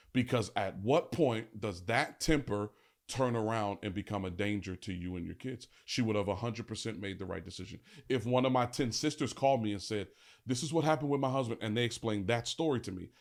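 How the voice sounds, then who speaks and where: Low-voiced man telling a candid story. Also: vocal fry. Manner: candid, emphatic, with conversational slang. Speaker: podcast host. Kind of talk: personal storytelling monologue. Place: podcast filming set.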